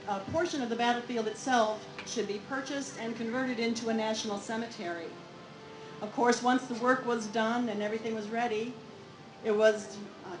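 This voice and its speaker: A woman's voice: on the high side, roomy sound, poor audio. Earnest woman narrating history. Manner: clear, earnest narration with occasional fillers. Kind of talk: historical storytelling speech.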